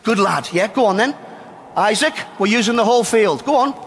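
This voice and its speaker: Male coach running a drill, high voice, echoing space. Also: lively intonation, fairly quick, a little hiss or hum. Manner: directive, addresses players and coaches by turns. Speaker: soccer coach. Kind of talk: live coaching demonstration.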